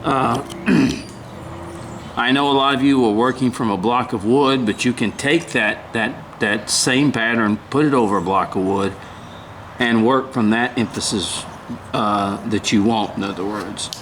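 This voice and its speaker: Slow, halting older man teaching carving. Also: mid-range voice, a bit bright, slight background noise. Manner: halting, rambling, frequent throat clearing and apologies. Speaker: woodcarving instructor. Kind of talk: casual carving demonstration.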